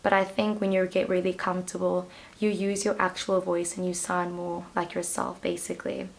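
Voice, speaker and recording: A woman's voice: on the low side, level tone, moderate pace, gravelly. Chatty woman giving a tarot reading. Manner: chatty, hesitant, full of fillers. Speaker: tarot reader. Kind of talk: casual pick-a-card tarot reading.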